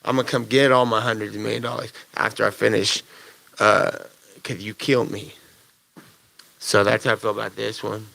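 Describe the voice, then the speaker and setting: A man's voice: on the low side, level tone, normal speed, gravelly, bright, forceful tone, no room sound. A man, a fighter, answering press conference questions in a blunt, profane, rambling way.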